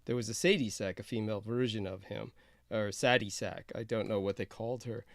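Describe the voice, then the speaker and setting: A man hosting a casual chat, hesitant and filling pauses, encouraging his guest. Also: fairly low pitch, fairly even intonation, vocal fry, no echo. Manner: hesitant, many uhs, encouraging. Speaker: host.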